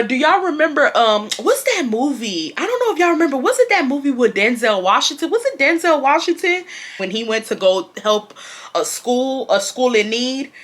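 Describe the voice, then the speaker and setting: A young adult woman telling a personal storytime in a casual, slangy and animated way, talking straight to her viewers. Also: on the high side. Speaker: storytime vlogger.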